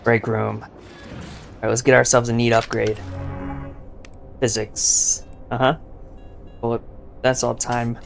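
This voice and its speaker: A man's voice: mid-range voice, little pitch movement, slow pace, vocal fry, pauses often, soft background music. A young man giving casual, joking gameplay commentary, boastful and rambling with lots of filler words. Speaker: gaming YouTuber.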